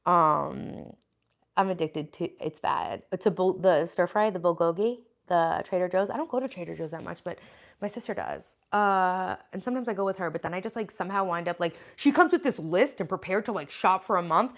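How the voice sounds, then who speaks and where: A woman's voice: on the low side, animated, a little fast. Thirties woman host, loose talky livestream delivery, lots of ums. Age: 30s. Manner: chatty, scattered, frequent "um" and "like" while listing groceries. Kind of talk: casual livestream chat, reading viewer comments.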